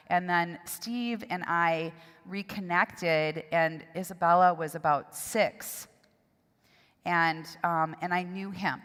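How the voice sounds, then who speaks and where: A middle-aged woman giving a personal testimony at a seminar, speaking in an emotional, halting way with pauses and restarts. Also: on the low side, fairly even intonation, a bit bright, clear, resonant tone. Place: church hall. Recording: long hall reverb.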